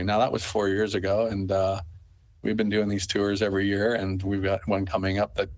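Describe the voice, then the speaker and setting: A man's voice: fairly low pitch, completely flat delivery, moderate pace, a little mellow. A middle-aged man from Canada, a festival owner being interviewed, who rambles through his stories and leans on fillers. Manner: rambling storyteller, full of fillers. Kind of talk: conversational interview.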